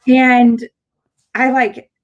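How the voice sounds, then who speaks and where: A woman's voice: fairly high pitch, monotone, very slow, highs cut off. A woman in her thirties from San Diego, a chiropractor hosting a show, telling a personal story in casual conversation. She tells it animatedly, acts out the dialogue, and uses many fillers and restarts. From San Diego, California.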